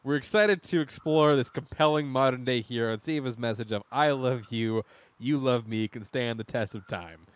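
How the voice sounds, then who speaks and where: A young man hosts a loose entertainment-news chat. He jokes constantly, breaks into laughter and trips over his words as he restarts his sentences. His voice sits at a middling pitch. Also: moderate pace, smooth, no echo. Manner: joking, laughs often, stumbles and restarts. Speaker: podcast host. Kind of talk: casual chat.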